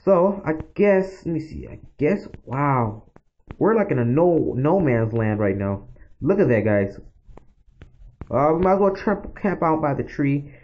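Rambling young-sounding gaming commentator. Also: male voice, on the high side, sing-song, unhurried. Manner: chatty, rambling, talks to viewers. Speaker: gaming channel host. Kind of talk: casual game commentary. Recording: dull lo-fi mic with faint noise.

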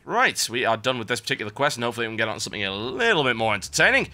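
A man giving sardonic, animated commentary over a video game he is playing. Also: mid-range voice, rapid-fire. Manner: sardonic, animated, wry complaints. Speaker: gameplay commentator. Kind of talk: let's-play commentary.

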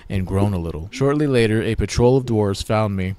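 A man's voice: lowish voice, fairly quick, warm tone, clear, resonant tone, no room sound, close to an everyday voice. A man doing a pleading wood elf prisoner. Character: imprisoned male wood elf vintner, pleading, indignant.

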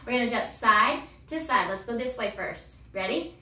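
A woman's voice: on the high side, animated, moderate pace, bright, forceful tone, a little hiss or hum. A woman in her thirties teaching a grammar lesson, chanting verb forms in a cheerful sing-song while she coaches a child. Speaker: homeschool teacher and channel host. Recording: roomy echo, voice from far off.

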